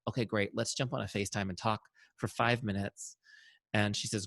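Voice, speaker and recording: A man teaching an online sales training, coaching energetically and walking through software on screen. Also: lowish voice, a little fast, no echo, clean studio sound.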